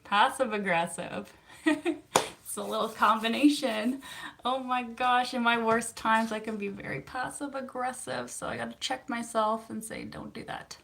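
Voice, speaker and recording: A therapist, chatting casually on a livestream and answering viewer comments with frequent laughs. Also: female voice, on the high side, fairly even intonation, moderate pace, creaky, fairly bright tone, slight background noise. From Canada. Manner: chatty and upbeat, laughs often, self-teasing.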